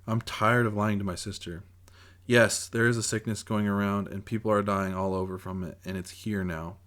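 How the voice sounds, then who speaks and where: A man's voice: fairly low pitch, fairly even intonation, normal speed, a bit bright. A man reading his own novel aloud in first-person audiobook narration, in an earnest, plain way.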